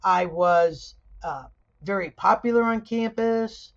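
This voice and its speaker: A middle-aged woman teaching sociology in a conversational video lecture, weaving personal stories with lively asides. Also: medium pitch, slow, gravelly, muffled recording. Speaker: sociology instructor.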